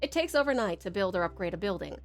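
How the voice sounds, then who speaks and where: A woman from Tasmania with an Australian accent, streaming a game live, bubbly and quick to laugh while she reads tutorial text aloud. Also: medium pitch, expressive, soft background music.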